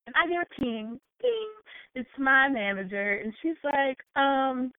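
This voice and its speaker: A woman telling a work story in casual chat, animated and laughing, with frequent swearing. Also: high-pitched, measured pace, no echo. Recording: tinny phone-like line.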